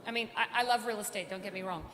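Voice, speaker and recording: A woman's voice: medium pitch, fairly even intonation, very fast, a bit bright. A middle-aged woman speaking on stage at a conference, telling a personal story and acting out the voices of the people in it. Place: large conference hall. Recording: reverberant hall with faint room noise.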